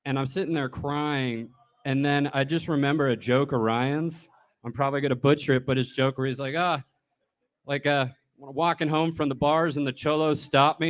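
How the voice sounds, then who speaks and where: Male comic, slightly high voice, casual swearing storyteller at a bar eulogy. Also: steady tone, moderate pace, a bit bright. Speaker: comedian giving a eulogy. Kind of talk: tearful, humorous eulogy.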